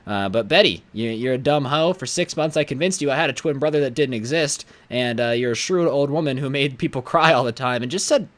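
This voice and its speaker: A man's voice: mid-range voice, brisk, hardly any pauses. A young man telling a storytime vlog in a blunt, rambling way, often restarting his sentences. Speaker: YouTuber.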